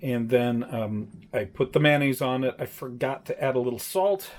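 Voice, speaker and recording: A man's voice: medium pitch, normal speed. A man casually narrating his home cooking, chatty and rambling, correcting himself often with plenty of fillers. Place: home kitchen.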